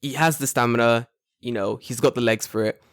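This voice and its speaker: A man in his twenties co-hosts a podcast in casual conversation, telling stories with plenty of energy, switching to a high, excited voice for quotes and swearing freely. He talks a little fast, and the audio is studio quality with no echo.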